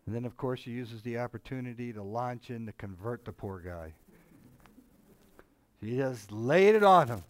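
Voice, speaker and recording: A man's voice: mid-range voice, expressive, moderate pace. A man co-hosting a casual Bible discussion, talking in a rambling, conversational way with many asides and frequent chuckles. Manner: chuckles often, mimics others animatedly. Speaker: Bible study co-host.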